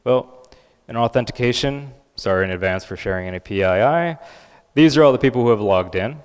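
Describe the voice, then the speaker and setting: A man giving a live conference talk and software demo, casual and upbeat with many filler words. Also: mid-range voice, animated, fairly quick, clean tone. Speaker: conference speaker. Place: large conference hall. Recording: reverberant conference hall.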